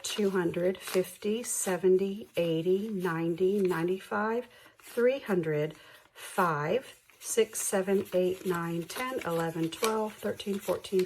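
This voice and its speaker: A woman hosting a budgeting vlog, slowly counting bills aloud in a soft ASMR style, bubbly and self-deprecating between counts. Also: lowish voice, a little hiss or hum. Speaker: budgeting channel host.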